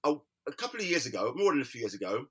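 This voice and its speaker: A man's voice: mid-range voice, sing-song, very fast, a bit bright, husky. A man, an artist, talking candidly as an interview guest, emphatic, repeating words and restarting his sentences.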